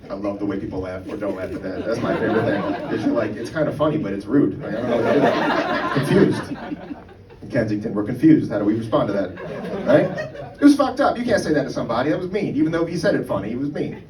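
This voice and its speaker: A man's voice: mid-range voice, quick pace, a loud crowd. Profane, chatty male stand-up comic. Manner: conversational, profane, keeps asking "right?". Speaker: stand-up comedian. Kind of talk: stand-up comedy. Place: comedy club stage. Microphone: mic on a stand. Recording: roomy live room, mic far off, background noise.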